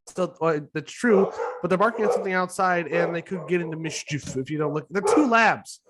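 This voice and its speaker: A man co-hosting a casual podcast from his home office, animated and often laughing, with some swearing. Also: sits high, brisk, heavy background noise. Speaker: podcast co-host. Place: home office, door open. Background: dogs barking.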